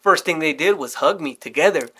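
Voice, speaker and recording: A young man casually telling a story, animated and swearing often as he acts out what people said. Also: fairly high pitch, a little fast, breathy edge. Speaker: storyteller guest.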